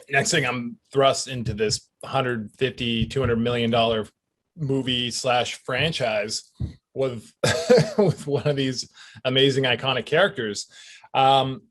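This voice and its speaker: Middle-aged man, Canadian accent, interview guest, relaxed and reflective, filler-heavy, medium pitch. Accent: Canadian English. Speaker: actor guest. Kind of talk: casual interview chat.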